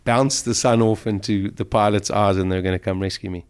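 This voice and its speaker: A man's voice: lowish voice, fairly even intonation, fairly quick, darkish tone, clean tone. A middle-aged man, a guest in an interview, vividly and emotionally retelling a survival ordeal. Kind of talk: storytelling in an interview.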